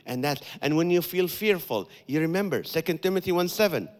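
Animated high-voiced preacher in a reverberant hall. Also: male voice, a little fast. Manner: animated, acts out inner voices, repeats phrases for emphasis. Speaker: guest speaker, comedian. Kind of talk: sermon with comic asides.

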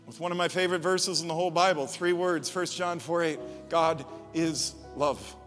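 A male pastor with a notably high voice delivers a sermon, swinging between hushed reflection and loud, emphatic declarations. His voice carries a long hall reverb, with soft music underneath. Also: steady tone, normal speed. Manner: builds from quiet to loud emphatic preaching.

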